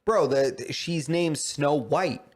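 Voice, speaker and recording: A man's voice: on the high side, takes it slowly. A man co-hosting a podcast, speaking bluntly and jokingly with plenty of slang. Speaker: podcast co-host. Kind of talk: casual chat.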